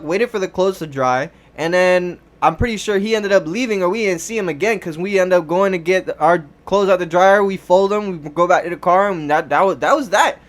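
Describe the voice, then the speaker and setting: High-voiced young man telling a story, casual and profane. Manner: loose, profane, slangy storytelling with many fillers. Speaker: vlogger.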